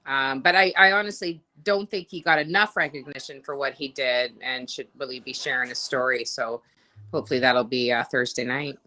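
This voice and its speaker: A woman's voice: extremely low pitch, fairly even intonation, brisk, bright, forceful tone, rough recording. A woman co-hosting a casual live podcast from a party, chatty and giggly with frequent laughter. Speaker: podcast co-host. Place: at a noisy party with music.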